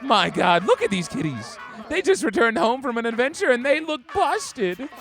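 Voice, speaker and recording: Campy gossip Mister Tinkles. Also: male voice, very high-pitched, sing-song, fairly bright tone, soft background music, heavily acted. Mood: chatty. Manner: campy, theatrical, drawn-out delivery. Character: flamboyant gossipy male cat-town neighbor. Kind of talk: game character dialogue.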